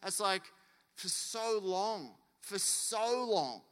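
Aussie pastor preaching, lively, acts out stories, fairly high bright voice, big church echo. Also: male voice, extremely slow, clean tone. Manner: animated, acts out quotes and anecdotes. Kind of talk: sermon. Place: church hall. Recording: long church hall reverb.

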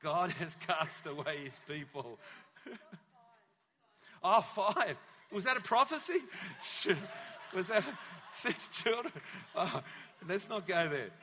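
A man preaching a sermon as pastor, telling a Bible story in a lively way and acting out the voices of the people in it. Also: high voice, slow pace, long pauses. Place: church hall. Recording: long church hall reverb.

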